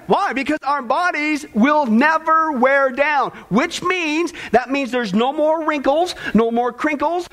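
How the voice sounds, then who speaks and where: A man with a strikingly high voice preaches a sermon to a church congregation. He keeps the delivery animated and jokey. He often laughs at his own punchlines. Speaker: pastor.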